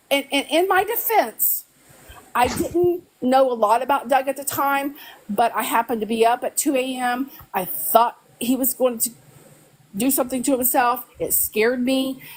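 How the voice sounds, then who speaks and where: High-pitched woman, heated and stammering. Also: rough recording. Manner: emotional, rapid, repeats herself, stammers. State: congested, ears clogged after covid. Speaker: live stream guest. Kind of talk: heated argument on a live stream.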